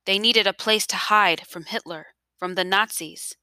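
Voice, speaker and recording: A woman voicing an elderly grandfather, earnest and pleading about the past, then quietly resolute, in a storybook reading. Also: mid-range voice, a little slow, clean tone, dry recording. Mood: remorseful. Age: over 60. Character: remorseful elderly grandfather, former official, now resolved.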